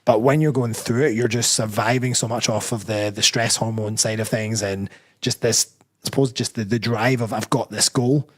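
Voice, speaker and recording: In a steady, mid-range voice at a moderate pace, a Scottish bodybuilder and personal trainer chats openly as an interview guest. His talk is rambling, and he often starts his sentences over.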